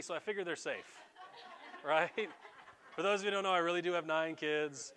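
A man's voice: on the high side, moderate pace, some chatter behind. A middle-aged man, preaching a folksy, joking sermon as pastor. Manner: folksy, animated preaching with jokes and asides.

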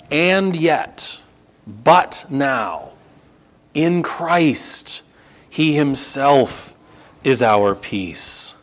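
A pastor delivering a sermon, stressing key phrases and repeating them for emphasis. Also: male voice, on the high side.

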